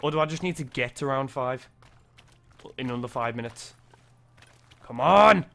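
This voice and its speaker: A young man, giving excitable, sweary gameplay commentary, yelping when startled. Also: medium pitch, moderate pace, slight background noise. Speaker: gaming video creator.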